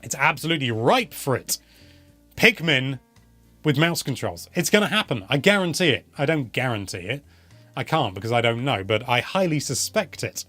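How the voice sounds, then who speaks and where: A man's voice: medium pitch, lively intonation, normal speed, fairly bright tone, faint music behind. A young man hosting a casual live question-and-answer stream, chatty and rambling, often correcting himself mid-sentence. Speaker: host answering viewer questions.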